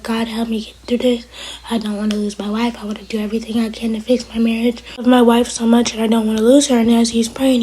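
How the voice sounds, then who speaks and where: A woman's voice: fairly high pitch, dark tone, husky, rough recording. A woman reviewing a TV episode in a casual recap, retelling scenes with quoted lines and often dropping to a whisper.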